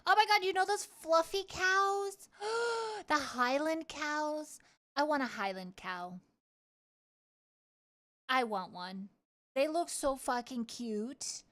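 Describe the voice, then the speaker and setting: A woman's voice: high voice, slow pace, pauses often, a bit bright. A woman streamer chatting casually on a live stream, playful and rambling, swearing freely. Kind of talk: casual livestream chat.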